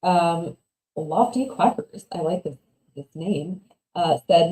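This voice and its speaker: A woman's voice: lowish voice, slow, warm tone, echoey room, low-quality recording. A woman livestreaming as she reads and reacts to online stories, chatty and opinionated, laughing often and trailing off into mumbles. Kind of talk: casual livestream commentary.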